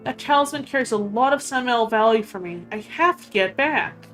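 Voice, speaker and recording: A woman's voice: fairly high pitch, lively intonation, fairly quick, a bit bright, soft background music. A woman reading a hot-tempered male knight's dialogue aloud, in a raised, emphatic voice. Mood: flustered. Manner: reads quest dialogue aloud with lifted emphatic delivery.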